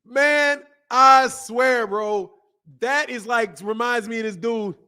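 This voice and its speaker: High bright-voiced man ranting. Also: slow, clear, resonant tone. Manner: animated, laughing often, slangy storytelling. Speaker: boxing channel host. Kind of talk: casual commentary to camera. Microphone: camera mic.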